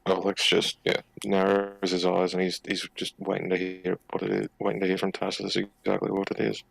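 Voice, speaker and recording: A man's voice: low voice, completely flat delivery, brisk, creaky, a bit bright, no echo, low-quality recording. A man playing a tabletop role-playing game, blunt and swearing freely. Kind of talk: casual tabletop play over voice chat.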